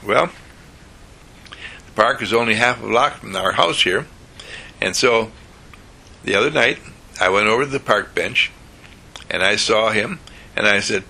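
Slow lively storyteller, man, gravelly and husky, bedtime tale. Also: mid-range voice. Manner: slow, animated, chuckling storytelling.

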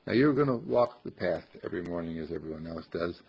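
A man with a gravelly, husky voice teaching a small group on spirituality, speaking slowly and emphatically and repeating phrases like a chant. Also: deep voice, lively intonation. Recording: dull lo-fi recording.

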